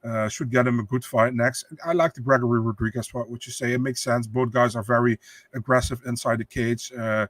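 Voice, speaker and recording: A man co-hosting a casual sports podcast, talking loosely with halting restarts and casual swearing. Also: medium pitch, steady tone, fairly bright tone, no echo. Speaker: podcast co-host.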